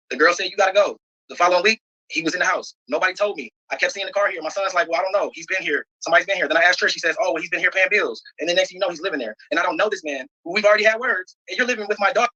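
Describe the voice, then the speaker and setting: A man's voice: high voice, very fast, sharp tone, dull audio. A man answering interview questions in an earnest, emotional way, explaining himself at length. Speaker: interview guest.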